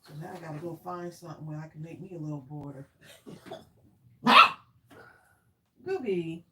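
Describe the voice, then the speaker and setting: A woman's voice: low-pitched, moderate pace, fairly bright tone, a little hiss or hum. A woman hosting a live crafting stream, chatting casually with viewers, greeting them by name and saying "y'all" a lot. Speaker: craft livestream host.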